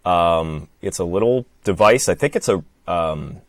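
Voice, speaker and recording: Male podcast guest, low voice, dry close sound, hesitant casual chat. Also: animated, measured pace, no room sound.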